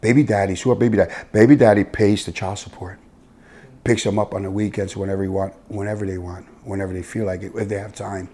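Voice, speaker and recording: Man with a Miami accent, husky low voice, blunt storyteller, shifts from booming to hushed. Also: little pitch movement, fast. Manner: blunt, swings from loud to hushed. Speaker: interview guest, youth football coach. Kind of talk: casual storytelling conversation.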